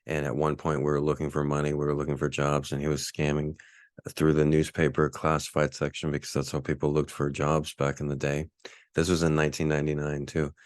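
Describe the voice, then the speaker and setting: With an extremely low-pitched voice, a forty-something Texan podcast host wanders through a relaxed, meandering story, monologue-style. The sound is clean studio audio without any echo.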